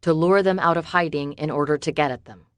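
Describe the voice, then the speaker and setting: A woman's voice: sits low, a little fast, no room sound, lightly acted. A woman voicing an impatient male hired assassin who speaks curtly, for an audiobook. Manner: curt, impatient.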